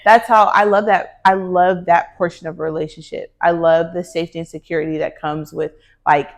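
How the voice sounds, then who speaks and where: A woman co-hosting a podcast in casual chat, telling stories in an animated, playful way. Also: lowish voice, brisk. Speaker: podcast co-host.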